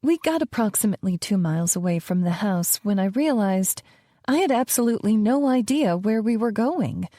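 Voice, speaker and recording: A woman narrates a romance audiobook in the first person with a calm, measured delivery. Her voice is warm and mellow, recorded dry with no room sound. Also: mid-range voice, dry recording.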